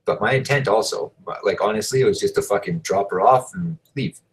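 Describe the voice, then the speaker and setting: A show host with a fairly low voice tells a story a little fast, casual and rambling, swearing often and padding gaps with "like" and "you know." The recording quality is low.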